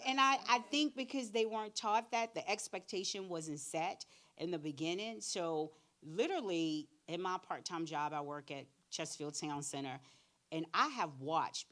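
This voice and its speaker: A middle-aged woman, her voice low and full in the chest. She tells stories in an animated way, putting on the voices of the other people, and gives frank advice in a direct, plain-spoken way. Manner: animated storyteller, acts out both sides of conversations. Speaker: career readiness speaker. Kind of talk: church workshop talk with acted-out anecdotes.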